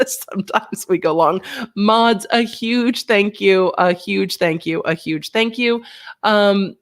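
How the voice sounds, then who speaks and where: A woman's voice: mid-range voice, slow pace. A woman hosting a casual livestream, chatty and reading viewer comments aloud, a bit unwell with a sinus infection. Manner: chatty, animated, reads chat aloud. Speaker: livestream host.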